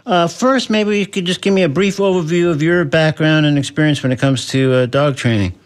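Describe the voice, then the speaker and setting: A male radio show host introducing segments and asking friendly, slightly halting questions. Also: a little high. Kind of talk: radio interview.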